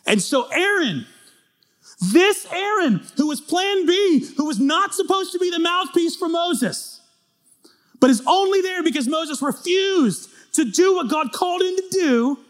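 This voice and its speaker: A man preaching a sermon, retelling scripture as animated, dramatic storytelling that climbs toward near-shouting. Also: extremely high pitch, measured pace.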